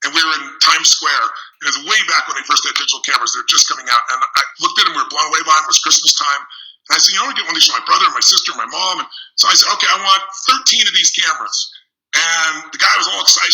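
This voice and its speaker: A man co-hosting a live stream on relationships, telling lively stories and acting out what people said. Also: fairly high pitch, very fast, poor audio. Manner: animated storyteller who acts out quotes. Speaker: co-host answering relationship questions. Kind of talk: casual live-stream chat, storytelling.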